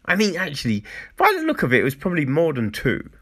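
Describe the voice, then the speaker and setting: A man's voice: on the high side, wildly swooping pitch, quick pace, fairly bright tone. A man reviewing a TV show in a casual rant, exasperated and profane, often repeating himself for emphasis.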